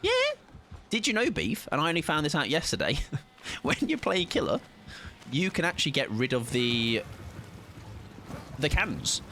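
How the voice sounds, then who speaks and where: A man streaming a game, chatting playfully and excitably with teammates. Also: fairly high pitch, moderate pace, pauses often, slight background noise. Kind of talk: casual gaming chat.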